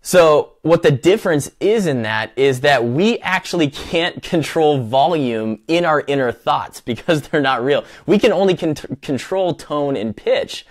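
A man's voice: a little high, expressive, a little slow, few pauses. A man hosting a live running show, talking casually with lots of restarts and fillers. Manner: rambling, with many fillers and restarts. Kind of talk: casual live-stream talk.

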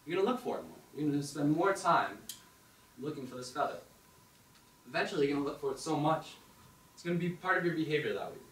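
A man's voice: fairly high pitch, quick pace, long pauses. Young man storytelling in an echoey hall. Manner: animated, acts out quoted thoughts in second person. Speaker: open mic speaker. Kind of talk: storytelling monologue. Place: performance hall. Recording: echoey hall, distant mic, faint noise.

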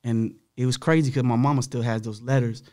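A young man in his twenties, a podcast guest, telling his story animatedly with a slightly rough voice and acting out the dialogue. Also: medium pitch, a little fast. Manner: animated, acts out dialogue, frequent swearing. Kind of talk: casual storytelling.

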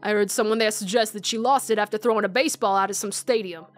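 A woman's voice: mid-range voice, fairly even intonation, voice pushed down, close to an everyday voice. A woman putting on a boastful drunk bar patron with a fake accent. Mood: gossipy boasting. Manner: a deliberately bad, placeless accent.

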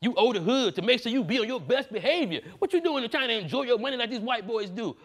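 Heated high-voiced man ranting in court. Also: fast, few pauses. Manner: heated, animated, slangy rant. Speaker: defense attorney in improv courtroom comedy. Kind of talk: improvised comic courtroom argument.

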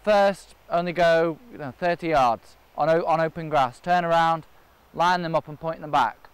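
A man's voice: a little high, moderate pace, clear, resonant tone, dry recording. A man training gundogs outdoors, explaining each step in a practical way. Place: outdoors in a park and by a river.

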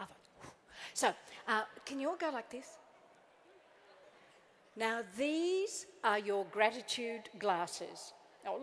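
High, lively woman giving a motivational talk. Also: slight background noise. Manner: playful, animated, acts out little quoted scenes; coaxing the crowd into joining in. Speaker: motivational speaker. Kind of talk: live keynote talk to an audience.

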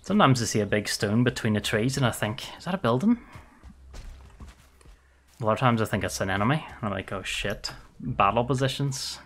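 A man's voice: on the low side, fast talker, hardly any pauses, fairly bright tone. A young man giving casual gameplay commentary, chatting, laughing often and swearing at enemies. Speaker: gaming streamer.

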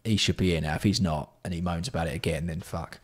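A man hosting a casual livestream, bantering with chat and swearing freely while keeping his voice fairly hushed. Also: low voice, steady tone, fast talker, slightly rough. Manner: banter-filled, sweary, reads out and answers chat. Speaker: livestream host.

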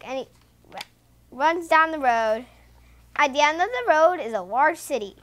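A woman reading a children's picture book aloud in an expressive, sing-song storytelling voice. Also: high-pitched, slow.

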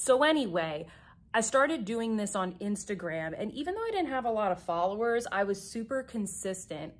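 Young woman, beauty vlogger, chatty and enthusiastic, talks while applying makeup, middle pitch, phone camera at home. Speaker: beauty YouTuber. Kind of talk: chatty get-ready-with-me vlog.

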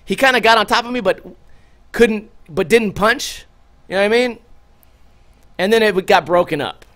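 A man hosting a podcast, telling a story in a loose, profane, animated way and loudly acting out what people said. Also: sits high, normal speed. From Las Vegas. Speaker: podcast host. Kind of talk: casual storytelling monologue.

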